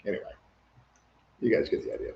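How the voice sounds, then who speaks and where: Older man chatting on a livestream. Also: quick pace. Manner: reads viewer comments aloud, chatty. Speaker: livestream host. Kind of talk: casual livestream chat. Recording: echoey room, dull lo-fi sound.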